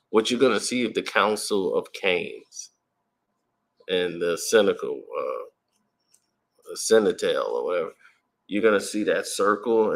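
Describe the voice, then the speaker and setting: A man giving casual, rambling commentary as a movie trailer reviewer, speculating out loud with plenty of fillers. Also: low voice, vocal fry.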